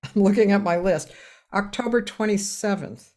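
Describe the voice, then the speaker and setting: A woman's voice: medium pitch, normal speed, noisy background. A middle-aged woman hosting a casual chat, talking in an enthusiastic, rambling way. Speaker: host.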